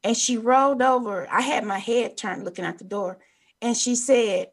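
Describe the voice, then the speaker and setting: A woman co-hosts a casual chat, her voice on the higher side. She tells her story earnestly and warmly, at an easy conversational pace. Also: moderate pace. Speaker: co-host.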